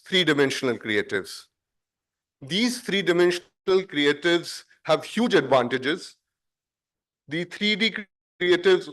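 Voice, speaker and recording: A man giving a conference presentation, speaking in a measured, explanatory way and stressing words for effect. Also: fairly high pitch, a bit bright.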